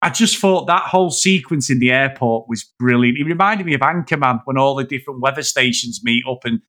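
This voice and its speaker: A man's voice: medium pitch, brisk. A man, chatting animatedly and swearing on a film podcast. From England. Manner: animated, heavy swearing, loud laughing asides. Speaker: podcast co-host. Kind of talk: casual film podcast chat.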